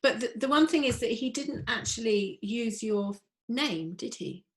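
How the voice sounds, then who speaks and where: A woman's voice: on the high side, lively intonation, a little slow. A woman hosting a podcast, asking probing follow-up questions. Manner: probing, prompting, sympathetic follow-ups. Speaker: podcast host. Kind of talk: interview questions.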